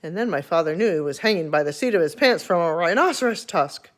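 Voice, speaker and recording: An older woman reading a children's chapter book aloud in an expressive storytelling manner. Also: fairly low pitch, quick pace, hardly any pauses.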